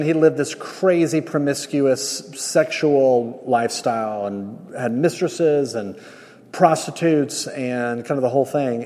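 A man's voice: medium pitch, darkish tone. Emphatic male pastor in a reverberant hall. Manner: emphatic, repeats key phrases, light humor. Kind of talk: sermon. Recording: long reverb of a large hall.

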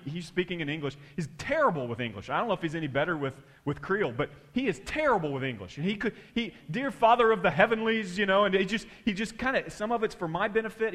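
A man preaching a sermon through an animated, emphatic personal story. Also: sits high. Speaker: pastor.

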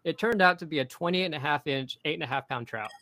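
Bright-voiced excitable male fishing host. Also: a little high, fast talker, no room sound, rough recording. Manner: excited, rambling, with frequent restarts. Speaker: podcast host. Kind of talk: casual storytelling chat.

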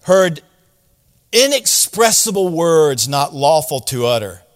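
Conversational preacher with a high voice. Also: male voice, animated, moderate pace, a bit bright, big-room sound. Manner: conversational preaching with paraphrased quotes and sarcasm. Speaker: pastor. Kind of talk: sermon.

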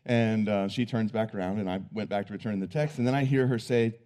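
A man's voice: fairly low pitch, fairly quick, dark tone. A man preaching, telling a personal story in an earnest, conversational way. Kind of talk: sermon storytelling.

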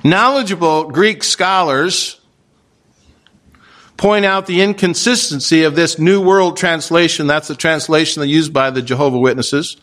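Male pastor, slightly raised pitch, measured emphatic sermon delivery with dry asides. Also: fairly even intonation, a bit bright. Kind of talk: expository sermon.

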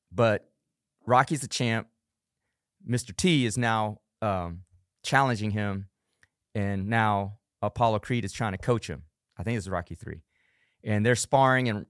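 Earnest lower-voiced man, dry sound. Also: no room sound. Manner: earnest, emphatic, acts out harsh self-talk in bursts. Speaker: podcast host; coach and parent. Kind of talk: solo motivational podcast talk.

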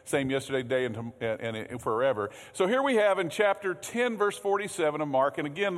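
High-voiced pastor in a reverberant church. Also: male voice. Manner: conversational, repeats words, asks the congregation questions. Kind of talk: sermon. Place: church sanctuary. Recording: long hall reverb.

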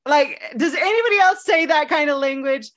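A woman co-hosting a podcast in casual chat, telling stories in an animated, laughing way. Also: high voice, normal speed. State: engaged to be married. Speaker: podcast co-host.

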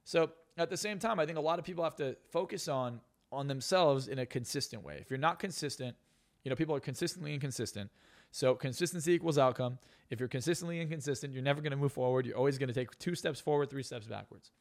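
Brash, fast-talking young man. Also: medium pitch. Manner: profane, brash and emphatic. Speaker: guest, hypnotist and success coach. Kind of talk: blunt podcast interview talk.

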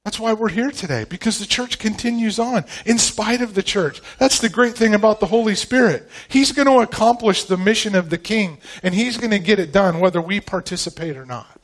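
A pastor in his forties delivers a sermon in a notably high-pitched male voice. He preaches with emphasis and keeps putting rhetorical questions to the congregation. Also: brisk, hardly any pauses.

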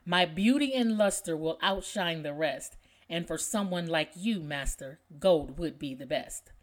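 A woman's voice: lowish voice, lively intonation, a little slow. A woman voicing a boastful gold vessel. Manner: proud, self-praising.

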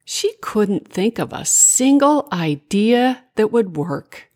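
An older woman narrating a children's bedtime story in a gentle, singsong way. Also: mid-range voice, sing-song, slow pace.

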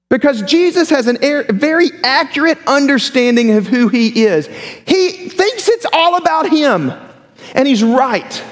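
A male pastor preaching a sermon in a lively, conversational way, with humorous asides. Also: very high-pitched, unhurried. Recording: long hall reverb.

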